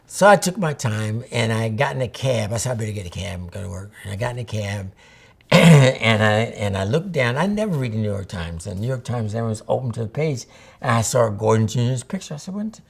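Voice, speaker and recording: A gravelly, husky older man recalls old times in an interview, his voice sitting low. He tells his stories in a loose, rambling way and acts out both sides of past conversations. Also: animated, brisk. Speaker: photographer interviewee. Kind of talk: reminiscing interview.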